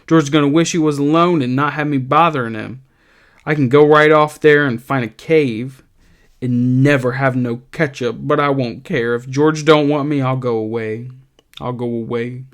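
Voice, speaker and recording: A man's voice: mid-range voice, steady tone, normal speed, clear, resonant tone, lightly acted. A man voicing a simple-minded, childlike big man who pleads in a plain rural drawl. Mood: pleading.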